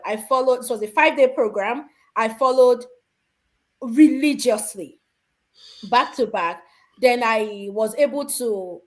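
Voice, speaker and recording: A woman from Africa telling personal parenting stories, animated and laughing often. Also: a little high. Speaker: guest mother. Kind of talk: casual storytelling.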